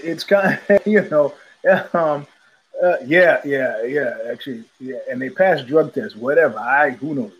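A man's voice: mid-range voice, husky, lo-fi sound. A man from New York hosting a podcast in a rambling, digressive monologue full of tangents and restarts. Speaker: podcast host. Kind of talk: casual monologue.

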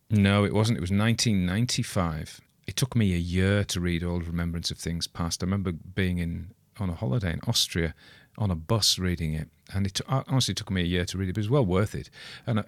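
A man's voice: low voice, no echo, studio quality. A middle-aged man, chatting in a rambling, wry, self-deprecating way about a story he has read. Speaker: audiobook reader commenting on a story. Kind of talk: rambling casual commentary.

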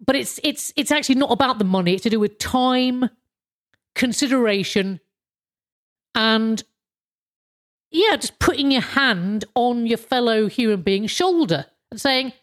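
A woman's voice: a little high, lively intonation, unhurried, long pauses. A British woman hosting a podcast in a casual monologue, rambling with frequent chuckles and casual swearing. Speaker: podcast host.

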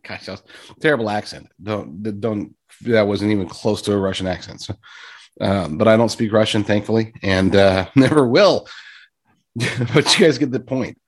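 Man, husky voice, sarcastic, rambling political commentary. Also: lowish voice, normal speed. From United States. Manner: sarcastic, rambling, addresses listeners directly.

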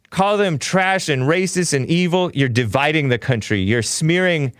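A man's voice: on the high side, clean tone, no room sound, studio quality. A man hosting a talk show, ranting in a combative, mocking, rambling way. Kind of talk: casual talk show rant.

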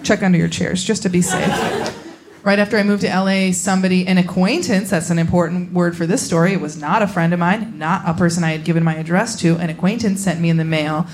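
Young woman comic from Indiana, dry deadpan delivery, live set with audible room noise. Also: fairly low pitch, quick pace. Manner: deadpan storytelling, acts out quoted voices. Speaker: stand-up comedian. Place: comedy venue with a laughing audience. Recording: live show recording with clear audience noise.

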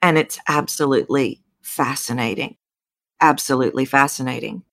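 A woman with a Texan accent, a voice coach telling her story as an interview guest, animated, with sudden jumps in pitch. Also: normal speed, vocal fry. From Texas.

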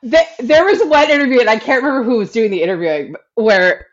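A woman's voice: on the high side, quick pace. A woman around forty, co-hosting a podcast and telling stories in casual chat with a lot of laughter. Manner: animated, laughing storyteller. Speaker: podcast co-host. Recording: dull lo-fi audio.

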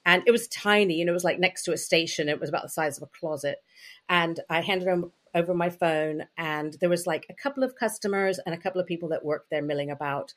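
Female interview guest, slightly low pitch, candid conversational storyteller. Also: fast talker, fairly bright tone. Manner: chatty, frank, full of "you know" and "like" fillers. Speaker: interview guest, intimacy coach.

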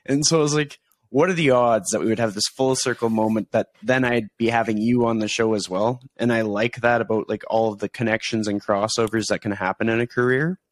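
A man's voice: on the low side, fairly even intonation, brisk, no echo. A man hosting a podcast, reflecting casually on his guest's story and relating it to his own career. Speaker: podcast host.

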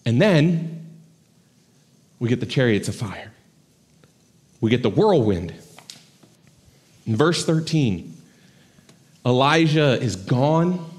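A man's voice: mid-range voice, a little slow, long pauses. A man giving a church sermon in a conversational style, often checking in with "right?". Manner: conversational preaching with frequent "right?". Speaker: pastor. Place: church sanctuary.

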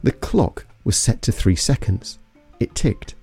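A man's voice: fairly low pitch, lively intonation, unhurried, vocal fry, darkish tone, breathy edge, faint music behind. A man from London narrating an investigative story in a suspenseful, scripted way. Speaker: podcast narrator.

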